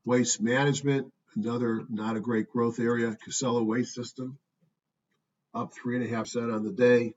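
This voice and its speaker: A man's voice: mid-range voice, flat delivery, moderate pace, a little mellow. A man talking through stock charts in an offhand, thinking-aloud way, with frequent ums and asides. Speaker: stock market commentator. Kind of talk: casual screen-share market review. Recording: dull distant mic with faint noise.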